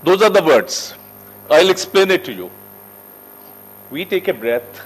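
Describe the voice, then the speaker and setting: A man teaching a corporate soft skills class, emphatic and lively, who asks the group questions and answers them himself. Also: measured pace, slightly rough, rough recording. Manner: emphatic, lively teacher with wide shifts in pitch and loudness. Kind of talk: classroom lecture. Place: training room with a group.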